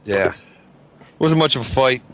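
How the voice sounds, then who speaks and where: A man's voice: expressive, unhurried. A man co-hosting a casual chat, telling a long story and acting out the other people's lines. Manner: rambling storyteller who acts out quotes in shrill voices. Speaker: podcast co-host.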